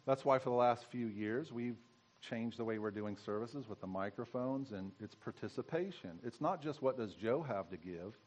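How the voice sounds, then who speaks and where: A man's voice: mid-range voice, moderate pace, darkish tone, dull audio. A man giving a conversational sermon as pastor, teaching and asking his congregation questions.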